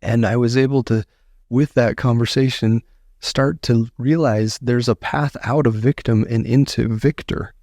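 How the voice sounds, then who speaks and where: Earnest, slightly gravelly male guest. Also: mid-range voice, steady tone, measured pace, a little mellow, dry recording. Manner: earnest, emphatic, repeats phrases for effect. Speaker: author and guest. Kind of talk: earnest interview storytelling.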